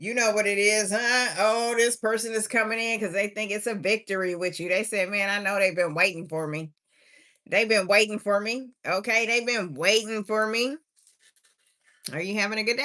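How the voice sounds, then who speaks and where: Tired woman tarot reader on a live stream, sing-song and chatty, bright-toned voice. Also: mid-range voice, steady tone, moderate pace. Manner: chatty, drawling, sing-song refrains, laughs to herself. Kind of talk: casual livestream tarot reading.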